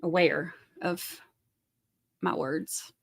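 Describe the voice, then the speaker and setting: A woman's voice: lowish voice, steady tone, drawn-out words, gravelly, slightly rough. A woman with a Southern US accent hosting a casual livestream, rambling and chatty as she reads out viewer comments. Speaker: livestream host.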